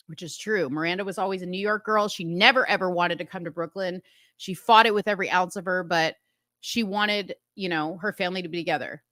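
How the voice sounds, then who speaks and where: A woman's voice: fairly quick, dry recording, clean studio sound. A woman hosting a casual talk show, animatedly recapping a TV episode and acting out the characters' lines. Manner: animated, acts out dialogue with rising pitch. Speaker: host.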